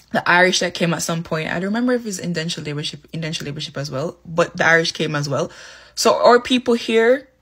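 A Jamaican vlog host with a Jamaican accent, reacting to a clip and arguing a point in casual, animated commentary. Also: mid-range voice, slightly rough. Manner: argumentative, explanatory, animated.

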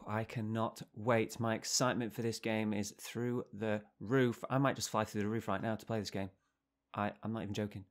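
An excitable man hosts a horror game playthrough, jittery and eager as he talks to his viewers. His voice sits a little low. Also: brisk. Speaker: let's play host. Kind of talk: gaming commentary.

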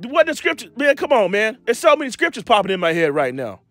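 High-pitched preacher man, dry close mic. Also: sing-song, a bit bright, dry recording, faint music behind. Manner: preaching, reads scripture slowly and drawls key words; street slang, repeats himself, laughs at his own jabs. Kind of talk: impromptu scripture teaching.

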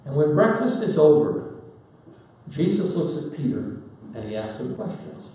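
A man preaching a sermon in a folksy storytelling manner with dramatic pauses. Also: fairly high pitch, sing-song, warm tone. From Pacific Northwest, United States. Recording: very echoey hall, voice from far off.

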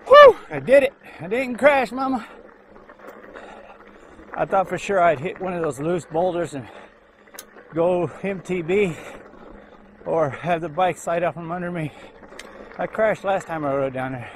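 A man's voice: on the high side, moderate pace, long pauses, slight background noise. A man vlogging as he rides a mountain bike down a trail outdoors, out of breath and sighing between remarks. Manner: breathless exclamations, lots of sighs and whews. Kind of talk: narrating while riding.

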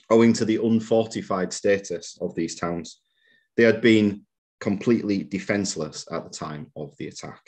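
Man, history lecture, husky, lowish voice, measured delivery. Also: a little mellow. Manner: measured, reads out quotations, occasional fillers. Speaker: museum lecturer. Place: lecture room.

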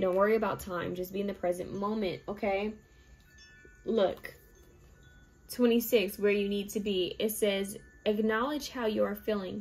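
A woman's voice: medium pitch, a little mellow, poor audio. A woman giving a casual tarot card reading, speaking earnestly and chattily to her viewers as "you guys". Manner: earnest, spiritual advice-giving.

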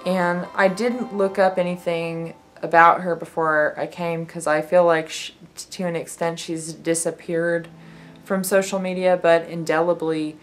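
A woman's voice: on the low side, flat delivery, unhurried, soft background music. A young woman vlogger chatting casually to camera, effusive and rambling, with lots of fillers and restarts. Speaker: vlogger answering viewer questions.

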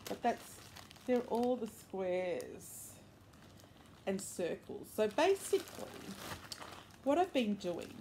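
A woman at a middle pitch chats about her crochet projects in a rambling, upbeat way, full of fillers and quick self-corrections. She sounds casual and enthusiastic, with a faint hiss of background noise behind her. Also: big pitch swings, dark tone. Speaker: crochet and knitting podcast host. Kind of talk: casual show-and-tell chat. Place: indoors at home, bedroom.

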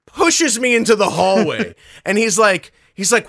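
A man, a guest voice actor, telling a story in a casual interview, animated and swearing freely. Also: high voice, measured pace, no room sound, studio quality.

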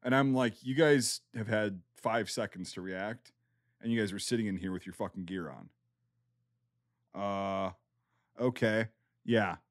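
A man's voice: lowish voice, measured pace, pauses often, no room sound, studio quality. A man hosting a podcast, chatting loosely and profanely and asking follow-up questions. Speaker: podcast host. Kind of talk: casual chat.

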